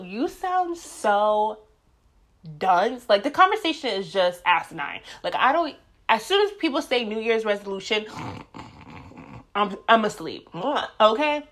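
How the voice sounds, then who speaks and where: A young adult woman vlogging to her viewers, telling stories in a blunt, profane and animated ranting way. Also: medium pitch, measured pace. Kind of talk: casual ranting monologue.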